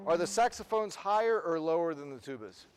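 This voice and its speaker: A man running a band rehearsal in a large room with a long, ringing reverb. His voice sits a bit higher than most men's as he counts the players in and sings short rhythm syllables to demonstrate. Between run-throughs he fires quick questions at the ensemble. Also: lively intonation, clear, resonant tone, faint music behind. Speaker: band clinician.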